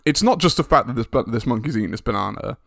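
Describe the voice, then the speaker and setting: A man's voice: mid-range voice, lively intonation, fast, gravelly, a bit bright, no echo, clean studio sound. A man co-hosting a casual podcast, musing aloud with hesitant restarts. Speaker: podcast co-host. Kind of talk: casual chat.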